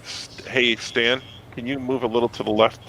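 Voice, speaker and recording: A man in a casual chat who throws in quick joking asides. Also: mid-range voice, little pitch movement, bright, forceful tone, slight background noise, low-quality recording.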